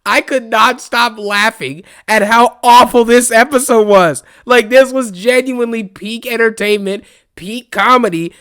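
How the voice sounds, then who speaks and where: Young male wrestling vlogger, high-pitched, smooth-toned, mocking casual rant. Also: unhurried. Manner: laughing, mocking, animated.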